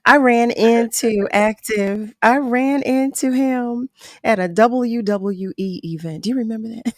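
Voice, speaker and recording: A woman hosting a radio talk show, chatting and telling stories with animated, playful quotes. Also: a little high, a little slow, dry recording, clean studio sound. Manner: animated, warm storytelling with laughs and acted-out quotes. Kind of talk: casual radio interview.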